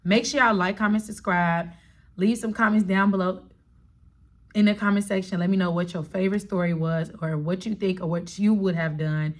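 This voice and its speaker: Young woman vlogger, casual slangy storyteller, mid pitch. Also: moderate pace. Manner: animated, slangy, talks straight to viewers.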